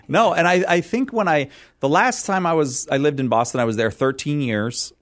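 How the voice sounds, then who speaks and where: A man's voice: a little high, no echo. Middle-aged man, from California, rambling, laughs a lot, dry close sound. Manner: rambling, self-deprecating, quick to laugh. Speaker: radio guest. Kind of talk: casual interview chat.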